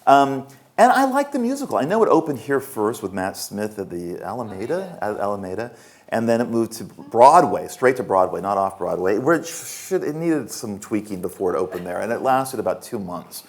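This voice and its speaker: Brief: man in his fifties, low voice, candid self-mocking festival Q&A storyteller. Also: sing-song, moderate pace. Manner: frank, self-mocking, laughs while telling stories. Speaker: author answering audience questions. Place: festival stage before an audience.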